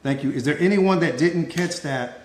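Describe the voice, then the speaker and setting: A man's voice: fairly high pitch, moderate pace, roomy sound. A man, a life coach, giving an emphatic live-stream motivational talk with a repetitive, preacher-like cadence.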